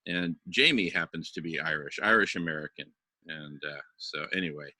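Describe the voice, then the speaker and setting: A man's voice: very deep voice, normal speed, pushed and bright, no room sound, poor audio. Effusive man hosting a call. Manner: friendly, effusive greetings. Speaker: host. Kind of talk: casual group call.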